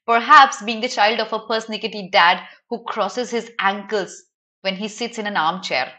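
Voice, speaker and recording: A young Indian woman teaching English in a live online class, explaining an article lively and asking her students questions. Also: mid-range voice. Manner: animated, asks students questions, addresses viewers by name.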